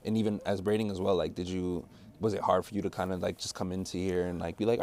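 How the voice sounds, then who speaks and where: A man's voice: deep voice, fast talker. A man hosting a podcast in casual chat, asking rambling questions full of filler words. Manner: relaxed, rambling, heavy use of "like". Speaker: podcast host.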